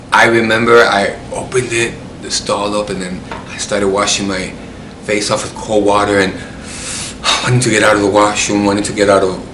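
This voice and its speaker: Man, personal storytelling, rambling, repeats himself, lowish voice, echoey room, faint ambience. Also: background noise.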